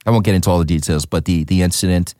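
Talking very fast in a deep voice, this actor tells stories during a relaxed interview, animated and leaning heavily on fillers. The audio is studio quality with no echo.

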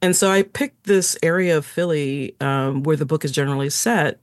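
A woman who is an author and musician, telling stories as an interview guest in an animated, chatty way with frequent laughter. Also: low-pitched, normal speed, no room sound, clean studio sound.

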